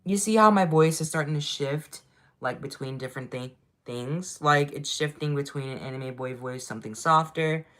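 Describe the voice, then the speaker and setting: Chatty woman with a lowish voice. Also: moderate pace. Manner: chatty, self-explaining, excitable. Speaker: vlogger practicing voice acting. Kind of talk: casual livestream chat.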